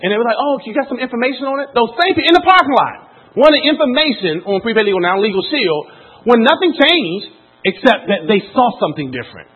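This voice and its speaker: Animated husky male storyteller. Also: high-pitched, a little fast, narrow, tinny audio. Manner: animated storyteller, acts out quoted voices. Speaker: motivational speaker. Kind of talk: storytelling to a live audience.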